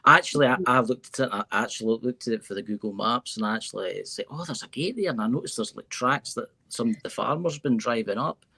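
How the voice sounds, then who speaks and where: A male interview host with a gravelly, fry-laden voice that also sounds husky. He talks eagerly and says the same thing twice to drive his point home. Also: mid-range voice, quick pace, few pauses, pushed and bright. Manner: eager, repeats himself for emphasis. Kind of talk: casual interview chat.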